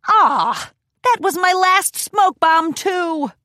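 A boastful showoff unicorn mare magician from a storybook, grand and theatrical with a huffy edge, as a woman reader puts her on. The voice sits higher than usual and swings widely in pitch, recorded dry and close. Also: animated, moderate pace, a bit bright, no echo.

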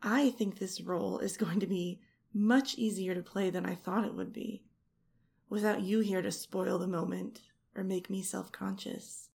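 A woman speaks in an intimate erotic audio role-play, her delivery slow and unhurried and her voice heavily gravelly with a husky edge. She teases in a seductive murmur close on the mic, now and then dropping into a whisper. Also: medium pitch, fairly even intonation, darkish tone. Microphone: close studio mic.

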